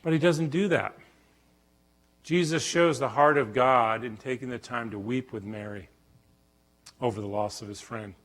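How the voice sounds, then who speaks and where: A middle-aged man, a professor, giving a Bible teaching talk at a church conference, acting out quotes with sudden loud bursts. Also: mid-range voice, normal speed, long pauses.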